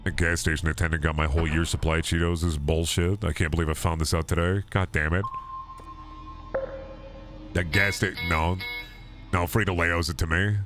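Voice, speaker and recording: A man's voice: low voice, flat delivery, brisk, long pauses, over music. Rambling young man streaming a game. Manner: rambling, self-mocking, swings into loud mock outrage. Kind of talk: casual gaming stream chatter.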